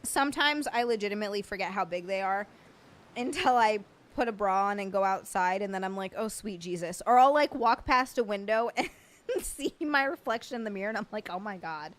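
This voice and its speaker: A woman's voice: medium pitch, brisk. A young woman live streamer chatting casually with her viewers from home, playful and blunt, often laughing. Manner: blunt and playful with crude jokes. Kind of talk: casual livestream chat answering viewers.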